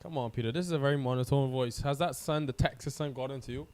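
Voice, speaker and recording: Man in live cricket commentary, smooth voice. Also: mid-range voice, fast talker, a little mellow. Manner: chatty, teasing co-commentator.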